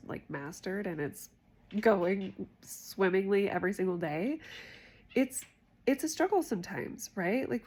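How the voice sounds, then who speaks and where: A woman's voice: mid-range voice, darkish tone. A woman hosting a self-help talk, speaking candidly and conversationally about her own experience. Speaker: host.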